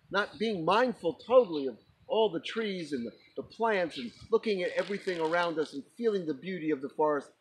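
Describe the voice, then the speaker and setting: A man who is an author, telling a spiritual parable in a slow, deliberate way. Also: fairly high pitch, breathy edge, poor audio. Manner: slow, deliberate, breaks into laughter. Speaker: author and storyteller. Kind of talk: spoken parable storytelling.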